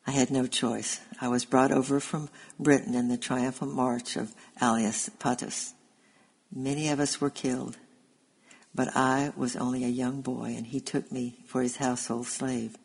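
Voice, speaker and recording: Storybook role: male reader plays a soft-spoken, sad gladiator, slow and gravelly, with a foreign lilt. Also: medium pitch, level tone, poor audio. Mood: gentle, weary. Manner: speaks slowly with a foreign accent. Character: gentle sad giant gladiator, grown man, captive from afar.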